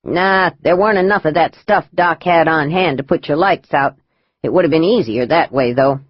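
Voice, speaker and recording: A woman voicing a gruff old rural man who drawls in a folksy, rough way. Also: deep voice, normal speed, dry recording, dull audio.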